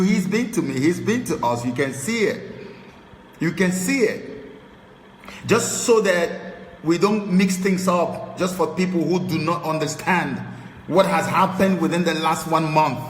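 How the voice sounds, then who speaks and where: A man from Nigeria preaching excitedly, breaking into sung hymn lines and rising loud and high as he mocks his critics. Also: echoey room, long reverb tail, slight background noise, poor audio. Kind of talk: celebratory preaching to camera.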